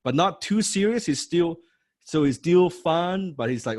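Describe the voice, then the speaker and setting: Here a sales coach runs a live training class in an animated voice that's on the high side and darkish in tone, moving at a measured pace. The close, dry mic has no echo, and he stays emphatic, repeating key phrases and acting out phone calls.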